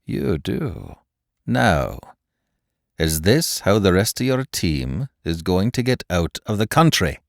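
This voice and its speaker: A man's voice: deep voice, very animated, vocal fry, no echo, studio quality, full character voice. A man doing a cold, sadistic interrogator. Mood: mocking cruelty. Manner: cold, mocking, slow and menacing. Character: cold, sadistic male interrogator, middle-aged.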